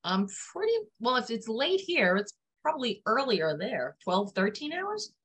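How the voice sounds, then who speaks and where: A bright, lively woman with a New York accent, asking teasing questions in a casual chat. Her pitch is a little high and jumps around a lot. She speaks over a video call. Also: moderate pace, breathy edge. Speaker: guest.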